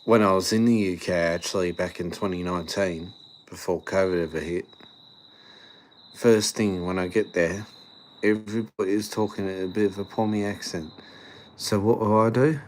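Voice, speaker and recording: A man's voice: low voice, steady tone, moderate pace, slight background noise. An Australian man livestreaming, rambling and joking in casual chat. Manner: rambling, joking, laid-back.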